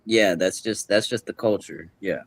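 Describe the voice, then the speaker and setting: A man's voice: fairly low pitch, moderate pace, no echo. Young man, rambling slangy chat, dry sound. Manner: rambling, loose, slangy, laughs often. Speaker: guest musician. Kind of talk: casual podcast chat.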